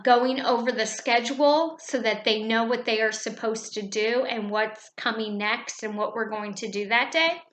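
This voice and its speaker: A woman teacher calmly explaining how she runs her classroom, speaking in a measured way with frequent "um"s. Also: a little high. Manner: calm, measured, with many fillers. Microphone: webcam. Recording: echoey room.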